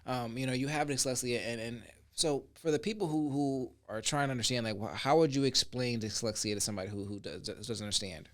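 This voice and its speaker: A man hosting a podcast asks his questions in casual talk. He hesitates and restarts as he goes. His voice sits at an everyday middle pitch. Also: a little fast, hardly any pauses, a bit bright. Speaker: podcast host.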